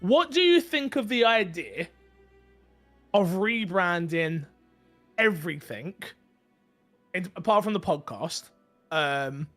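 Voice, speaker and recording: A man hosting a casual gaming podcast, talking in a rambling, animated way with many restarts. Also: high voice, slow pace, long pauses, soft background music. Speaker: podcast host. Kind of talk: casual group chat.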